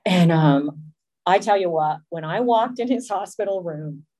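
A middle-aged woman giving a personal recovery testimony, speaking in an earnest, emotional, halting way. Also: on the low side, lively intonation, dark tone.

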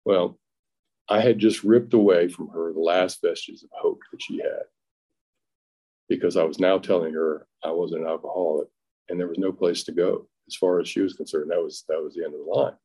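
A middle-aged man tells his own story at a recovery meeting in a plainspoken, halting way, often restarting and acting out what was said. His voice sits very low and sounds dark and mellow. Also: steady tone, slightly rough. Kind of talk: personal testimony at a recovery meeting.

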